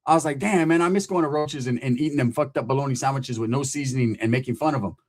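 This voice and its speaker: Husky man telling a profane street story. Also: medium pitch, quick pace. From California. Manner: profane, rambling street talk, acting out other voices. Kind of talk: casual storytelling monologue.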